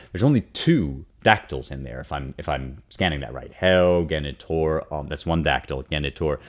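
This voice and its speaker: Deep-voiced man lecturing on poetry. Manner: earnest, reads Latin verse aloud, frequent restarts. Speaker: podcast host. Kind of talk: lecture-style commentary.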